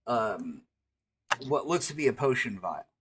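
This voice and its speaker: Guy running a tabletop game, slow, lots of um and restarts, mid pitch. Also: big pitch swings, a bit bright, husky. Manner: halting, frequent restarts and fillers. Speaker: game master.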